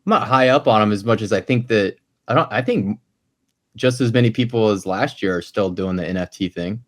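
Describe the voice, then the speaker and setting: A man's voice: fairly low pitch, fairly quick. A man co-hosting a movie podcast, joking and mocking himself in casual chat. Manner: jokey, self-mocking. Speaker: podcast co-host.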